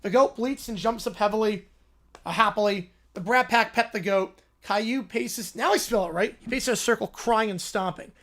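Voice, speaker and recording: High-voiced man hosting a livestream. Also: normal speed, fairly bright tone. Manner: sarcastic, amused, reading prompts aloud. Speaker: livestream host. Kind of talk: casual livestream reaction chat.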